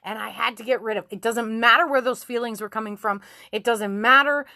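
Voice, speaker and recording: A woman in her forties talks straight to her viewers in a frank, emotional vlog, swearing freely and breaking into laughs. Her voice sits fairly high. The sound is dry, with no room echo. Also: fairly quick, bright, forceful tone. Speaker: nurse and self-help vlogger. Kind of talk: candid motivational vlog talk.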